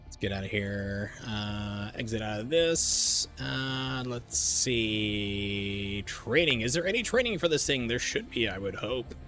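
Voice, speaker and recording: A man's voice: lowish voice, animated, takes it slowly, pushed and bright, faint music behind. A man in his forties chatting casually while streaming a game, telling a long story with lots of uhs and restarts. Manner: rambling storyteller with many fillers. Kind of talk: casual chat while gaming.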